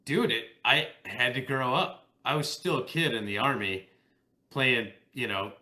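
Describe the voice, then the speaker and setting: A man hosts a podcast in relaxed, conversational chat. His voice is bright and forward, sitting at a middle pitch. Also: unhurried. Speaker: podcast host.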